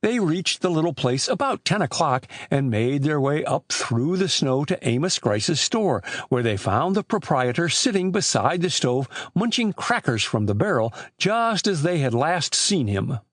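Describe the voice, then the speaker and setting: A man reading an adventure novel aloud as an audiobook narrator, with animated shifts for the characters. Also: on the high side, unhurried, hardly any pauses, no room sound, clean studio sound. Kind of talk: scripted narration.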